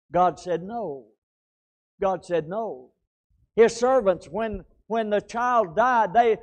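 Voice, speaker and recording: A man with a high, light voice delivers a sermon in church. He swings between loud, pressing emphasis and quiet, hushed drops, repeating words as he goes and turning often to his congregation. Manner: repeats words and phrases, addresses "ladies and gentlemen". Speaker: preacher.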